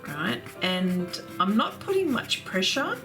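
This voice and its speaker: This art livestream host is a woman with a medium-pitched, sing-song delivery, and music plays behind her. She reads viewer comments aloud casually, full of enthusiasm and quick to laugh.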